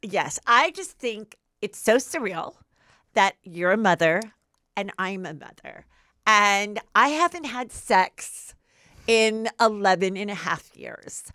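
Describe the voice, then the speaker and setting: A woman doing an impression of a dreamy celebrity woman who talks slowly and softly, wistful and a little timid. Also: mid-range voice, animated, no room sound, clean studio sound. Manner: slow, soft, wistful delivery.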